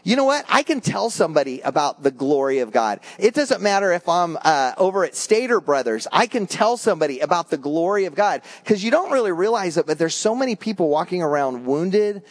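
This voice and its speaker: Animated middle-aged male pastor, slightly high. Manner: animated, conversational preaching with quick asides. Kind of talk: sermon.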